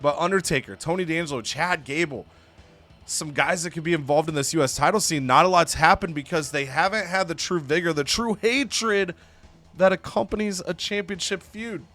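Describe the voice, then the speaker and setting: A young man hosting a gaming video, animated and storytelling, acting out characters as he recaps a wrestling game. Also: on the high side, moderate pace, soft background music. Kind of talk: casual narration of a wrestling game save.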